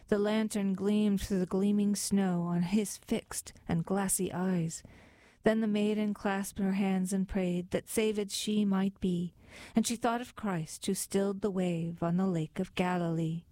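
A woman reading poetry aloud with a measured, rhythmic recitation. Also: medium pitch, steady tone, warm tone, no echo. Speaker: reader.

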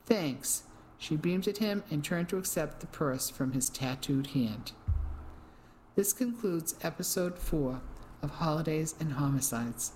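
Audiobook narrator, first-person mystery reading, steady, even, medium pitch, faint ambience. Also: unhurried, slight background noise, poor audio. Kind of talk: first-person novel reading on a radio reading service.

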